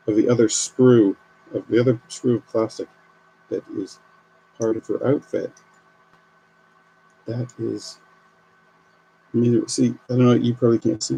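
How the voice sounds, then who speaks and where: A man's voice: medium pitch, gravelly, warm tone, slight background noise, rough recording. A man live streaming as he builds a model kit, chatting and thinking aloud as he works. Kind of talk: casual live stream commentary.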